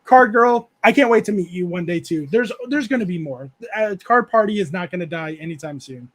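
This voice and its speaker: A man with a fairly high voice hosts a relaxed livestream chat show. He reads out viewer comments and drifts into loose, rambling stories. He laughs often and fills his talk with "uh" and "like". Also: a little fast. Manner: rambling storyteller, laughs often, many fillers. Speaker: show host reading chat.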